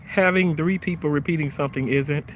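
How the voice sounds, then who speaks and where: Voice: mid-range voice, a little fast. A vlogger outdoors in hot weather, talking casually and breaking into goofy sung parody lines between chatter. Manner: goofy, sings and riffs loudly between chatter. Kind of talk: casual rambling vlog with sung parody snatches.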